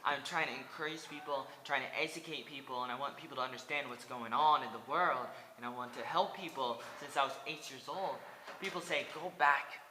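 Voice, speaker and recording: A man in his twenties from Oregon, USA, rambles earnestly in a personal vlog, talking straight to his viewers and repeating himself. His voice is medium-pitched and fairly quick. The audio is reverberant with a long reverb tail and some background noise.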